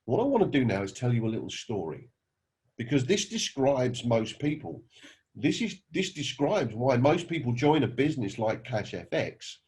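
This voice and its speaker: A husky man with a medium-pitched, darkish voice delivers an earnest pep talk. He's a network marketing recruiter, and his motivational talk leans on storytelling, anecdotes and rhetorical questions.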